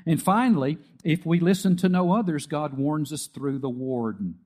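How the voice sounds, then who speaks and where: A man's voice: on the high side, normal speed, darkish tone. A middle-aged man preaching a sermon as pastor, telling stories with acted-out quotes and emphatic peaks.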